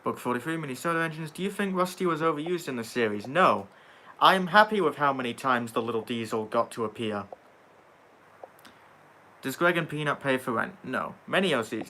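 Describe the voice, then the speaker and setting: A young man with a bright, forceful voice chats casually on a livestream. He reads viewer comments aloud and answers them with dry sarcasm and offhand swearing. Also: medium pitch, slight background noise. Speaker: livestream host reading chat.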